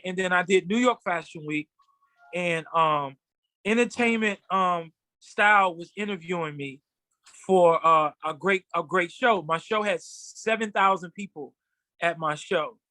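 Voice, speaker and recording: A man's voice: high-pitched, moderate pace, no echo. A man, a fashion designer guest, telling his story animatedly in a casual interview. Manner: animated storyteller, acts out quotes. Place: studio.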